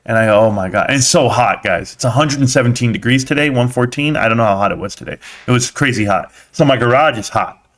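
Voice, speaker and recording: A man's voice: mid-range voice, fast talker, a bit bright. A man hosting a casual live stream, chatting with viewers as a slangy, blunt storyteller.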